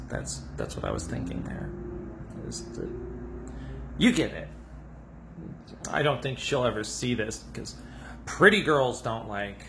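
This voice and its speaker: Bright-voiced man ranting sarcastically. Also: gravelly, a little hiss or hum. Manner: sarcastic mock-defensive rant, stammering repeats, swooping pitch. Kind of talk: satirical comedic monologue in character.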